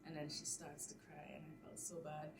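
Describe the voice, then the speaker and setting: A young woman in her twenties, a teacher, telling an animated story on a casual podcast, quick to laugh and act out what people said. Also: low-pitched, vocal fry. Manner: animated storyteller, laughing often, acting out quotes. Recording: distant mic with noticeable background noise.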